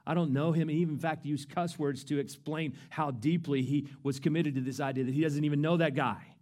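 A pastor preaching a sermon with passion, swinging between hushed moments and loud emphasis. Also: male voice, a little high, fairly even intonation, normal speed.

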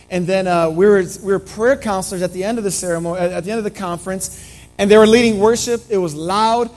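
A middle-aged man preaching a sermon in a church, his voice slightly hoarse, talking earnestly and conversationally with frequent restarts. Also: high voice, poor audio. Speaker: pastor. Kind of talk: sermon with opening prayer. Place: church sanctuary.

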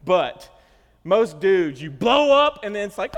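A man's voice: high voice, big pitch swings, a little slow. A middle-aged man preaching a sermon as pastor, telling stories animatedly and acting out the quotes. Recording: reverberant church hall.

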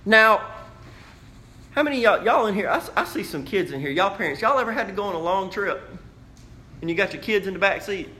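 A man preaching a sermon to a congregation, animated and playful, acting out questions in raised voices. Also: sits high, brisk, pauses often. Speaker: pastor. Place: church sanctuary.

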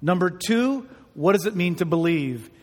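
A man's voice: sits high, animated, normal speed. A man preaching a sermon as pastor, earnest and emphatic, repeating key words for weight. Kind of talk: sermon with prayer. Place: church hall. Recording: long hall reverb.

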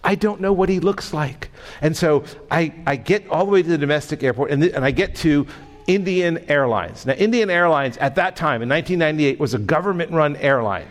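A man preaching as a pastor, telling a story in a lively way and often tripping over and repeating his words. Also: a little high, a little fast. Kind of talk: storytelling sermon. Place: church sanctuary. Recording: long reverb of a large hall.

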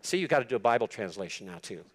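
A man's voice: on the low side, very animated, rapid-fire. A man giving an expository sermon to church leaders, earnest and emphatic, repeating words for stress. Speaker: preacher teaching church leaders.

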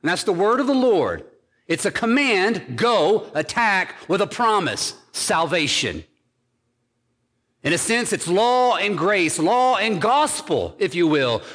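A pastor preaching a sermon, hammering his points home through steady repetition. His voice sits high for a man, and he talks at a slow, unhurried pace. The sound carries the long reverb of a church hall. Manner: emphatic preaching with repeated phrases.

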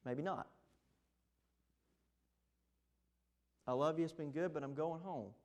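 A woman's voice: deep voice, a little fast, darkish tone, lightly acted. A male preacher voicing a young woman in a Bible story who swears loyalty and then backs away. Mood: hesitant.

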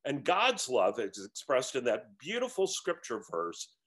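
An earnest man reads from a book and comments on it. His pitch moves freely, and he sounds reflective. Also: wildly swooping pitch, a little slow, few pauses, a bit bright. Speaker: teacher of a book discussion series.

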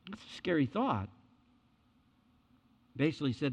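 A man's voice: fairly high pitch, animated, normal speed. A male pastor preaching a sermon in an earnest, emphatic way, often checking in with his listeners. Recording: dull lo-fi sound with long hall reverb.

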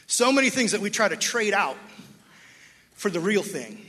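A man preaching a sermon to a church congregation, telling a story and acting out its dialogue in an animated way. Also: high voice, normal speed. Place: church sanctuary. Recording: long hall reverb.

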